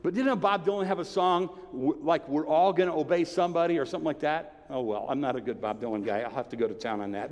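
A man's voice: a little high, quick pace, hardly any pauses. Preaching man in a reverberant hall. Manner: conversational preaching, rises to emphatic then drops to a hushed tone. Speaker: pastor. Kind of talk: sermon.

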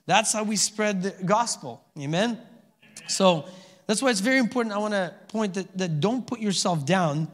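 High-voiced man preaching in a reverberant hall. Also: lively intonation, normal speed. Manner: conversational preaching with frequent "amen?" and "okay?" checks. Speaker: pastor. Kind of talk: sermon.

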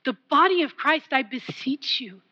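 Passionate woman preacher, high bright voice. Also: animated, moderate pace, highs cut off. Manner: passionate, pleading, varies from loud to near whisper. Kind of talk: sermon.

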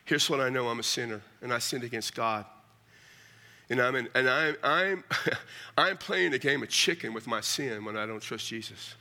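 A man's voice: medium pitch, normal speed, bright, forceful tone. A middle-aged man preaching a storytelling sermon, folksy and humorous, often calling his listeners "man".

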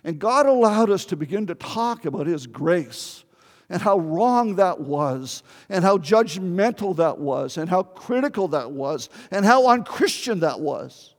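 An older pastor preaching a sermon in a fairly high voice, telling his story earnestly and pleading with his listeners. His voice rings out with a long reverb, as in a large hall. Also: lively intonation, unhurried.

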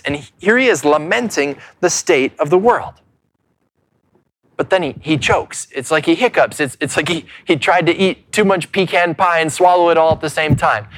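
A man pastor preaching a sermon earnestly, repeating words as he goes and dropping to hushed lows between loud points. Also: no echo. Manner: frequent repeated words and restarts.

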